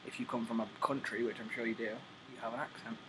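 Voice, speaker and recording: A man's voice: medium pitch, steady tone, quick pace, bright, forceful tone. Joking man vlogger, noisy recording. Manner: easily flustered, joking. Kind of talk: casual chat.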